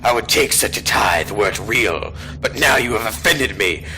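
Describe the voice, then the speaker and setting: A man voicing an arrogant ancient male demon lord, slow and menacing, reading game dialogue aloud. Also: on the low side, animated, sharp tone, a little hiss or hum, low-quality recording.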